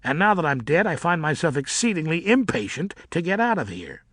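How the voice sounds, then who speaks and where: A man's voice: a little high, big pitch swings, brisk, a bit bright, no echo, studio quality, pitched above the performer's own voice. A man voicing a misshapen male ghost bat who speaks in a bored, impatient, sarcastic way.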